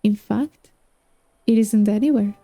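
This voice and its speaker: A woman reading aloud and voicing a scheming, seductive male sorcerer who coaxes and teases in a slow, dark, gravelly tone. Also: mid-range voice, faint music behind. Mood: coaxing.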